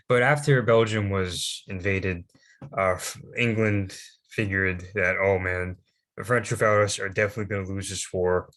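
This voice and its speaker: A young man presenting history slides off the cuff, halting often with fillers and restarts. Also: low-pitched, a bit bright.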